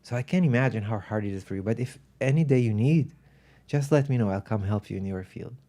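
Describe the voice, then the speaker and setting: A man voicing a poor, simple farmer who speaks softly and earnestly. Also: mid-range voice, fast, natural voice.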